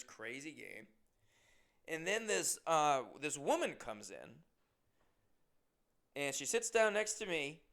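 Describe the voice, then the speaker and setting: A man's voice: mid-range voice, creaky, pushed and bright, clean tone. A man hosting his own podcast, telling rambling, profane, self-deprecating stories in a casual monologue. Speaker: comedian and podcast host.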